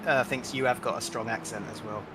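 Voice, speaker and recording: A man's voice: medium pitch, steady tone, a little fast, noisy background. A man, easygoing and reassuring, talking with sim racing teammates in casual voice chat. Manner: easygoing, reassuring, says mate a lot.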